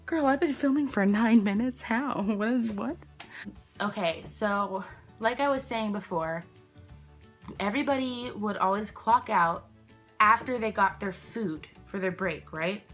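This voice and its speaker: A young woman chats to her own camera at home, telling a workplace story in a loose, rambling way. She sidetracks often and pads her sentences with fillers. Her pitch sits in the middle of the female range. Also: measured pace, a bit bright, soft background music. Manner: rambling, chatty, many "like" fillers, self-interrupting. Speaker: vlogger. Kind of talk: casual storytime chat. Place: indoors at home, candles nearby. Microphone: camera she films herself with.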